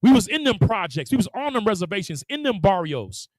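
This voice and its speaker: Animated preacher, high swooping voice, dry room, laughs and acts out voices. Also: male voice, fairly quick, no room sound, low-quality recording. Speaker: religious teacher. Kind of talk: lively preaching to a congregation.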